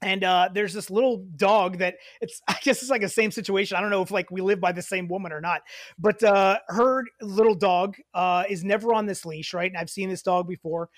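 A man co-hosting a casual podcast, telling stories in an animated way, swearing and rising in pitch when riled. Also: brisk, no echo, studio quality. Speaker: podcast co-host.

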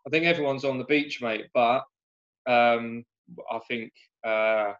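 Bloke, relaxed self-mocking football talk, muffled lo-fi mic. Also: male voice, medium pitch, measured pace. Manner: laid-back, sweary, self-mocking. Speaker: podcast guest, football fan. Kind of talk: casual chat. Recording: slightly dull lo-fi sound.

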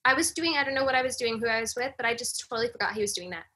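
A woman guest on a casual podcast chat, telling a personal story in an animated way and acting out the lines of others. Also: fairly high pitch, rapid-fire, slight background noise. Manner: animated storyteller, acts out quoted dialogue. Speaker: podcast guest, breathwork facilitator.

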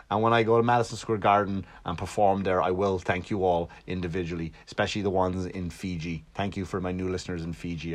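Rambling, profane Irish podcast host. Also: male voice. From Ireland. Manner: rambling, profane, self-mocking, jumpy pitch. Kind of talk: casual solo podcast monologue, comedic. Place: Long Island home.

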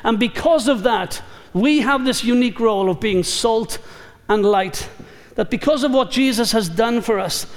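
A man preaching a sermon as pastor, measured and emphatic, building through repeated phrases. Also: very high voice. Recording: long reverb of a large hall.

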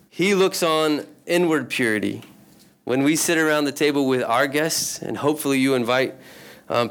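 A male preacher with a mid-range voice talks through his sermon as if chatting with his congregation, checking in with a quick "right?". When he reads scripture, he slows down and drops low and quiet, and he clears his throat every so often. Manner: conversational, asks the congregation questions and adds "right?"; reads scripture aloud, slowing and dropping low on solemn lines.

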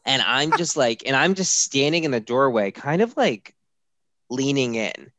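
A man on a podcast telling a story in a casual, animated way, acting out the quoted voices. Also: medium pitch, moderate pace, no echo. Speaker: podcast co-host.

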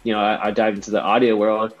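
A lower-voiced man from Southern California in his thirties, chatting as a podcast guest. He tells his story with animated, slangy energy and acts out his own past words. The audio is a bit dull and lo-fi, with faint music underneath. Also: quick pace. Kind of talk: casual storytelling chat.

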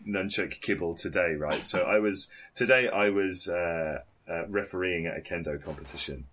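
Male podcast co-host, deep voice, swears a lot, loose gaming banter. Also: normal speed, fairly bright tone, slight background noise. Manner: swears freely, jokey, laughs often. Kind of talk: casual gaming chat.

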